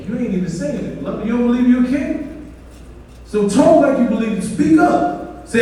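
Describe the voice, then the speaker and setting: A man delivers a fervent, preachy motivational speech, rallying the crowd to repeat his lines. His voice sits fairly high for a man. It rings through a big hall with long reverb, picked up from well back of the mic. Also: normal speed, long pauses, warm tone. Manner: impassioned, preachy, leads call-and-response with the crowd. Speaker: conference speaker. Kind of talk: motivational speech and spoken-word poem. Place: large conference hall. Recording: echoey hall, mic far off.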